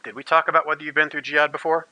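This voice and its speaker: Bright, dry-voiced man running a tabletop game. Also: a little high, little pitch movement, rapid-fire, no room sound, low-quality recording. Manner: rambling, many uh fillers. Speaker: game master.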